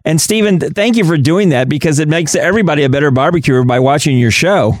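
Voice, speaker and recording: Radio host guy, kinda high voice, chatty and excited, laughs a lot, dry sound. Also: fast talker, no room sound. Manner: enthusiastic, chatty, laughs often. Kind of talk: casual radio talk show.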